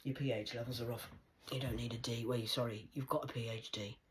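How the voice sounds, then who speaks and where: A woman rambling through a stream-of-consciousness monologue, punning and swearing, swinging between hushed whispers and loud outbursts. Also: rumbling low, steady tone, quick pace, slight background noise, low-quality recording. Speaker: vlogger.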